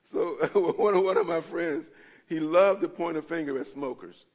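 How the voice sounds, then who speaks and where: A man's voice: on the high side, normal speed. A male pastor teaching a Bible study in a church, talking in a conversational way and often checking in with his listeners.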